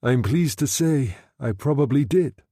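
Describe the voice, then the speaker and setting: A man's voice: mid-range voice, expressive, a little slow, warm tone, slightly rough, no room sound, studio quality. A man voicing a bold, charming Italian man in the water, jaunty and teasing in manner. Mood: wry.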